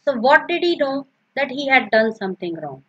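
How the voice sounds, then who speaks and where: A woman's voice: high-pitched, very animated, normal speed, lo-fi sound. A woman teaching a recorded grammar lesson, patiently repeating each example and explaining step by step.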